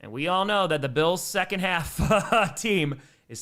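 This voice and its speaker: A man hosting a live sports stream, casually chatting and reading viewer messages aloud with sudden animated outbursts. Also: sits high, a little slow. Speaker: livestream host.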